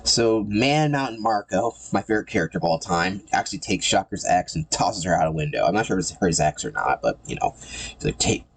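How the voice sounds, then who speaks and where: A man with a notably low voice talks through a comic book run in a loose, casual way. He is sarcastic and irreverent, and he often stumbles and repeats words mid-sentence. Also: expressive, brisk, gravelly. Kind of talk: casual commentary.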